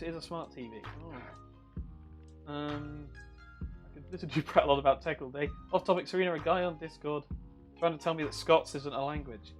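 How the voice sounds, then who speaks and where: Reading viewer messages out loud and cursing without restraint, a streamer keeps things casual during a live repair stream, speaking at a medium pitch.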